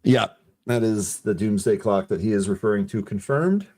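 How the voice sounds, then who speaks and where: A man co-hosting a live trading stream, calling out tickers and chatting in a relaxed, upbeat way. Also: on the low side, no echo, clean studio sound. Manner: upbeat, quick calls of tickers, laughs easily. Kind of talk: casual market commentary.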